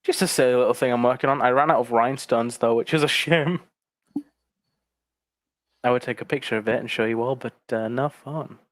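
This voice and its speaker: A man's voice: mid-range voice, fairly quick, no echo. Chatty self-deprecating man, dry mic. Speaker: co-host of a fan livestream. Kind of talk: casual livestream chat.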